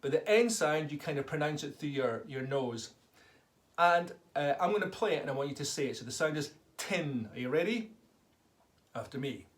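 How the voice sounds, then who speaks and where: A man's voice: fairly high pitch, animated, normal speed. A man teaching a tabla lesson to children, enthusiastically calling out drum syllables for them to repeat. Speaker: tabla tutor. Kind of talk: online music lesson for children.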